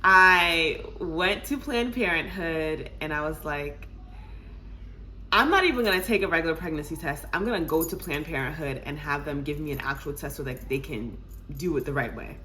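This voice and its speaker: Young woman vlogger, animated, laughs often, crisp bright tone over faint noise. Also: low voice, normal speed. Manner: animated and laughing, addresses viewers as y'all. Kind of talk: casual storytime.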